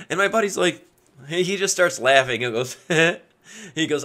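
Animated, laughing male storyteller. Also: a little high, unhurried. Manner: animated, laughs often, cuts off swear words mid-word. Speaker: video creator giving dating advice. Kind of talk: casual storytelling to camera.

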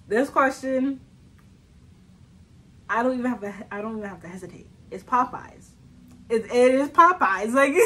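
A young woman talks casually to her camera in a slightly high voice. She tells stories in a loose, chatty way, full of fillers and quick bursts of laughter. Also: fairly bright tone, rough recording. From Southern United States. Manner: chatty storytelling, laughs often, many fillers. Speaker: vlogger.

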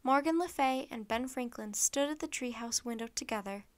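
A woman narrating a children's storybook, reading aloud in a clear, steady manner. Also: on the high side, normal speed.

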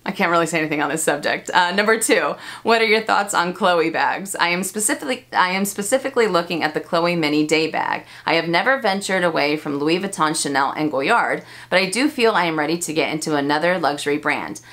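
Brisk and expressive, with a fairly bright voice on the low side and few pauses, a luxury handbag YouTuber from the United States chats through a casual Q&A vlog. She laughs often and teases herself.

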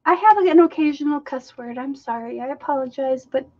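A woman's voice: high-pitched, brisk. A woman hosting a live painting stream, chatting casually to viewers, laughing often and poking fun at herself, recorded at home. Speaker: live-stream art host. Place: home art room with carpet. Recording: dull lo-fi stream audio.

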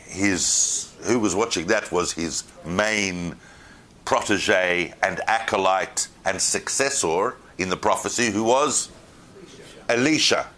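A man's voice: low voice, slow. A man giving an informal lecture to a class, asking questions of the room and answering them himself. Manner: animated, asks the room questions.

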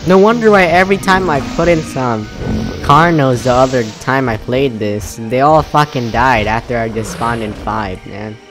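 A young man casually commenting on gameplay, profane and excitable, slangy and laughing. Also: medium pitch, moderate pace. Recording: game music playing behind.

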